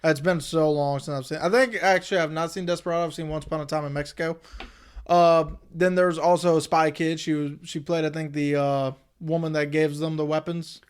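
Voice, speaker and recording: Laid-back joking man, fairly high voice. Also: steady tone, a little fast, clear, resonant tone. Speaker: podcast co-host. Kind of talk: casual movie review chat.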